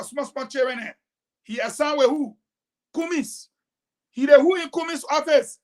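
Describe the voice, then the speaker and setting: A woman giving heated political commentary on a talk show, emphatic and combative, swinging between loud outbursts and quiet asides. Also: sits high.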